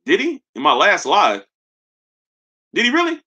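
A man with a fairly high, bright voice hosts a livestream, roasting people with loose, jokey trash talk. He talks casually and breaks easily into laughter. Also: huge pitch swings, measured pace. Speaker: livestream host.

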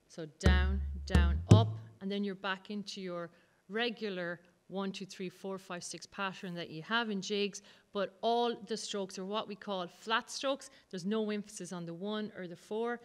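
Irish woman, bodhrán teacher, patient, counts beats aloud, loud drum playing behind. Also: mid-range voice, moderate pace, over loud music. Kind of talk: music lesson demonstration.

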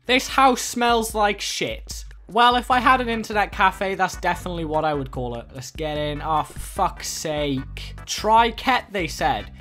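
A young man giving crude, jokey commentary while playing a game, with sudden shouted outbursts. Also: sits high, a little slow, few pauses, faint music behind. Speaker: gaming YouTuber. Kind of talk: let's-play commentary.

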